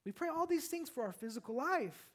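A man preaching a sermon as a pastor, animated and repetitive, calling out to the congregation. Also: extremely high pitch, brisk.

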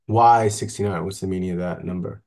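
A man co-hosting a podcast, chatting casually in a deadpan, mock-naive way. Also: low voice, fairly quick. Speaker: podcast co-host. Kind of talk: casual chat.

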